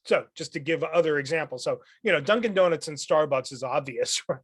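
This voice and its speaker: A man's voice: a little high, fairly quick, breathy edge, no echo, studio quality. Thoughtful professor man explaining ideas. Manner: explanatory, lecturing, thoughtful with frequent um and restarts. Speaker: philosophy professor, guest. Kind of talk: podcast interview.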